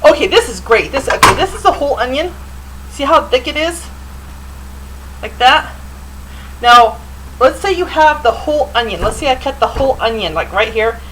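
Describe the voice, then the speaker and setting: A woman's voice: fairly high pitch, heavy background noise. Chatty woman giving a kitchen demonstration. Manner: chatty, rambling, with fillers. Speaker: cooking show host. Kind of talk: casual cooking demonstration. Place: home kitchen.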